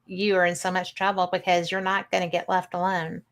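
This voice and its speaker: A woman's voice: fairly low pitch, little pitch movement. A woman hosting a casual chat, talking reflectively and laughing easily. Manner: chatty, reflective, quick to laugh. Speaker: host.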